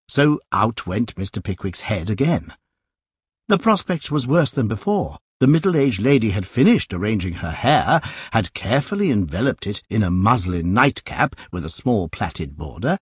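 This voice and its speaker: A man narrating a classic novel aloud, with a lively, varied storytelling delivery. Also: lowish voice, moderate pace, breathy edge, no echo.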